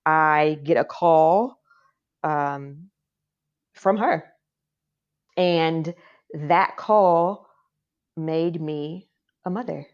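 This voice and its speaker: A woman's voice: low voice, very slow, long pauses, clear, resonant tone. A woman as a podcast guest, telling a personal story in a heartfelt, emotional way with many fillers. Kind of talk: casual interview storytelling. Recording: dull lo-fi sound.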